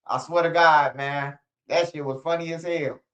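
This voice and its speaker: A streamer hosts a casual livestream, talking loosely and swearing often in a slightly high, fairly bright voice with a steady tone at normal speed. His streaming setup gives slightly dull, lo-fi audio.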